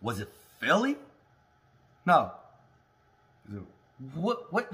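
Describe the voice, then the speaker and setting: A stoned man riffs loosely on a casual talk, his slightly high voice swinging widely in pitch. His tone is bright and forceful, profane and jokey, broken up by laughs and smoker's coughs. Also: huge pitch swings, slow, pauses often. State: high on cannabis. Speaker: cannabis review host.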